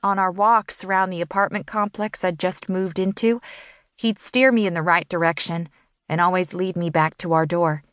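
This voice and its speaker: A woman's voice: fairly low pitch, steady tone, normal speed, a bit bright, dry recording, studio quality. A woman reading a first-person story as an audiobook narrator, in an emotional storytelling manner.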